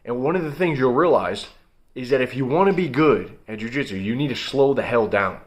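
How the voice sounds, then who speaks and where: Guy doing a blunt pep-talk monologue, mid pitch, punchy, throws in sound effects. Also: lively intonation, fairly quick. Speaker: motivational video host. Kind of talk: motivational monologue to camera.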